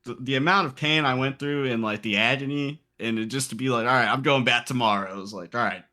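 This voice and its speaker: A man in his late twenties with a bright, forward tone, telling a story in a loose, casual podcast chat. He is animated and slips into the other people's voices when he quotes them. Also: medium pitch, fast talker. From Texas. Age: late 20s. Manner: animated, acts out quotes in character. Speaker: podcast guest.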